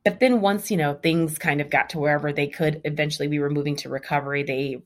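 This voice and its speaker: A woman in her thirties candidly retelling a personal story in a lively, conversational way. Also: low voice, fast.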